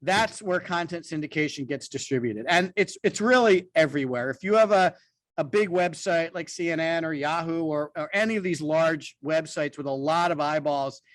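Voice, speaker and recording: Higher-pitched man explaining, dry sound. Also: moderate pace, fairly bright tone, dry recording. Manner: explanatory, conversational. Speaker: podcast co-host. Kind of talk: business podcast talk.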